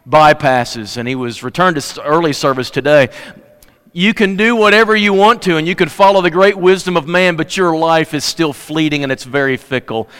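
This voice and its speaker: Male pastor, high smooth voice, passionate preaching with hushed lows, reverberant sanctuary. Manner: passionate, swings between loud emphatic peaks and hushed lows. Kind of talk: sermon. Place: church sanctuary. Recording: long hall reverb.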